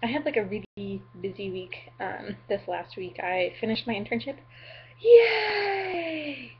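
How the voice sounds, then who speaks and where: A young woman from the Upper Midwest talks to her webcam in a loose, goofy ramble, apologizing often and filling every pause with ums and likes. Her voice is slightly husky and breathy. The recording is dull and lo-fi, like a cheap home camera mic. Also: medium pitch, fairly even intonation. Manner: chatty and goofy, apologetic, lots of "um" and "like". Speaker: vlogger. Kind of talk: casual rambling vlog.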